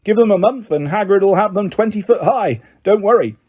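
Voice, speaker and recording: A man doing a booming, jolly sports official. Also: animated, brisk, darkish tone, breathy edge. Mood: jovial. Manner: jovial, booming. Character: cheery, hearty middle-aged male sports official.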